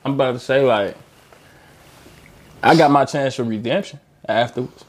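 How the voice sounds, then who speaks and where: A man's voice: mid-range voice, normal speed. A young man telling a boastful story animatedly in a casual chat with friends.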